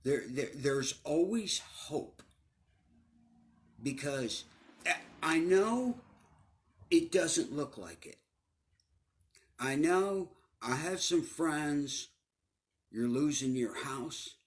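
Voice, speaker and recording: A middle-aged man recounts his life in a slightly high, expressive voice, speaking extremely slowly with long pauses. He tells it casually, swears a lot, stumbles over repeated words, and sometimes falls to a near-whisper.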